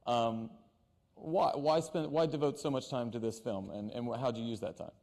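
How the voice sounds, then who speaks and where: A man's voice: medium pitch, normal speed, vocal fry, darkish tone. A male interviewer with a mid-range voice asks long, rambling questions, stumbling over and repeating his words. His voice rings with the long reverb of a stage hall. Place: on a stage before an audience.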